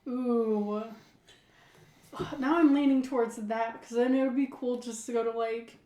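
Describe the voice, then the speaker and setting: Playful young female podcast co-host, high-pitched and giggly, recorded in a roomy space. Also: normal speed, dark tone. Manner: giggly, playful, acts out silly voices. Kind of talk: casual chat. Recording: echoey room.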